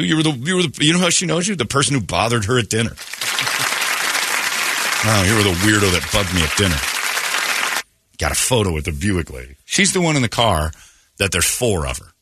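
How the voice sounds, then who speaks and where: A man hosting a morning radio show, telling stories in casual banter and mockingly acting out shouted quotes. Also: fairly low pitch, breathy edge, no echo. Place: radio studio.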